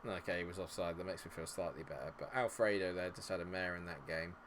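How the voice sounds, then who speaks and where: A man commentating live over a football management game, sarcastic and fed up, swearing as things go wrong. His voice sits fairly low. Faint noise hums behind him. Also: steady tone, fast talker. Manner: frustrated, swearing, sarcastic outbursts. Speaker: gaming streamer.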